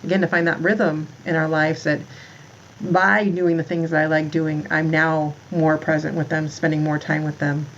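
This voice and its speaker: A woman's voice: deep voice, little pitch movement, moderate pace, lo-fi sound, slight background noise. A woman in her thirties, a podcast guest, talking in a rambling way about motherhood, full of "like" and restarts. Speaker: podcast guest, founder of a moms' community. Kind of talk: casual interview talk.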